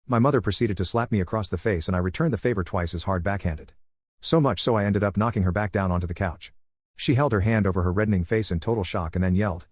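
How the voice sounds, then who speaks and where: A man narrating a personal story in a brisk, matter-of-fact way. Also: on the low side, a little mellow, slightly rough, no room sound, clean studio sound.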